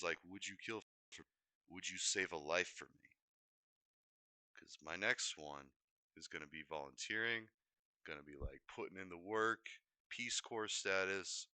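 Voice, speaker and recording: A young man streaming, rambling in animated casual chat full of fillers and restarts. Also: low voice, no echo.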